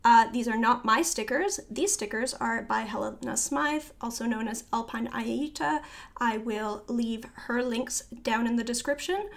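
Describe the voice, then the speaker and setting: A woman talks through her sketchbook in a casual vlog voiceover recorded in her home studio. She speaks quickly and rambles, filling pauses with fillers and self-deprecating asides. Her voice sits a little high, with a noticeable gravelly fry. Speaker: artist giving a sketchbook tour. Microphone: voiceover microphone.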